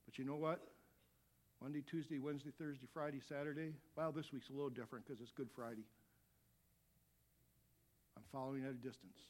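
A middle-aged man preaching a sermon as a pastor, animated, dropping to quiet asides and rising to loud shouts. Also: medium pitch, brisk, pauses often.

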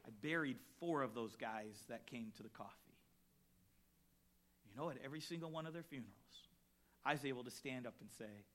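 A man, a pastor, preaching a sermon and telling a personal story, acting out the voices he quotes and swinging between loud bursts and hushed lines. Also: mid-range voice, a little fast, long pauses.

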